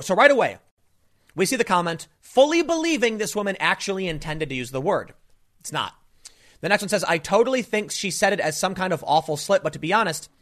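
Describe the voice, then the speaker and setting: A man's voice: sits high, a bit bright. Rambling male political commentator. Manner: rambling, frequent restarts and fillers. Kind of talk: casual opinion monologue.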